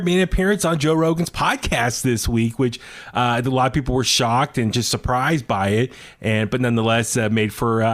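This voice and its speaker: Rambling casual podcast host man. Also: medium pitch. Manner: rambling with many fillers and restarts. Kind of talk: casual chat.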